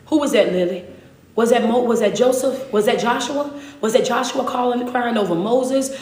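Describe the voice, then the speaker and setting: A woman's voice: a little high, fairly quick, darkish tone, roomy sound. A woman motivational speaker preaching a sermon, emphatic, often checking in with her listeners. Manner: emphatic, repeats "understand me?" to the audience.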